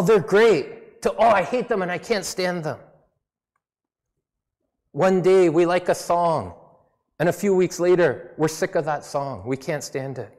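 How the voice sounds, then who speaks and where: Man, pastor preaching a sermon, slight non-native accent, conversational, fairly high voice, long hall reverb. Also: darkish tone. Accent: non-native English accent. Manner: conversational, self-deprecating preaching with mock voices.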